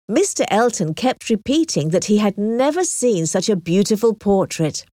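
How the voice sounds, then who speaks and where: A woman narrating a storybook in a clear, measured reading voice. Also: medium pitch, very animated, dark tone, no room sound, clean studio sound.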